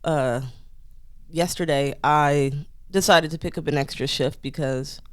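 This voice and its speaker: Here a female podcast co-host speaks a little slowly in a low voice, bringing a story to life in casual talk by performing the quoted voices. The recording is dry.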